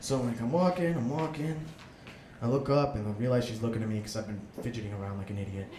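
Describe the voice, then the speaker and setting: A young man, a student, doing a self-deprecating stand-up comedy set and jumping into excited inner voices, in front of a laughing audience. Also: medium pitch, fast talker. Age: young adult. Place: live comedy room with audience. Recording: echoey room with background noise.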